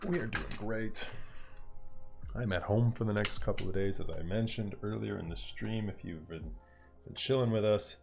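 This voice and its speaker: Man, lowish voice, casual live-stream chat, upbeat and slangy, headset mic, faint background music. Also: moderate pace, vocal fry. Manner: upbeat, slangy, chatting to viewers while working. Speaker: keyboard-building streamer. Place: home room. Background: faint music from a movie playing elsewhere.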